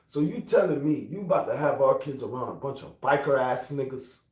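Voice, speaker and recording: A man's voice: medium pitch, brisk. Profane storytelling man, roomy and far. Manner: animated, profane, builds to angry outbursts. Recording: roomy, distant from mic.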